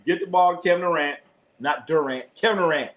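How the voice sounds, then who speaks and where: Excitable man calling a game live. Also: on the high side, brisk, low-quality recording. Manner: excitable, shouts at players, casual swearing. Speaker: sports streamer and live commentator. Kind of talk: live play-by-play commentary and casual sports chat.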